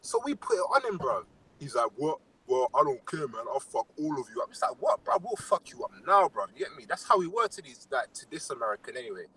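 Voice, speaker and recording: A young man with a London accent chats casually on a podcast, his mid-range voice fast and slightly rough. He tells stories in an animated way, packing them with slang fillers. The recording itself is rough.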